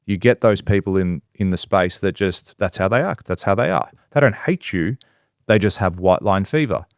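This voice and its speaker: Man, low voice, blunt, swears a lot, dry close sound. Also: normal speed, no echo. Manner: blunt, swears freely, acts out quotes. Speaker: podcast guest, business owner. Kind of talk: casual podcast conversation.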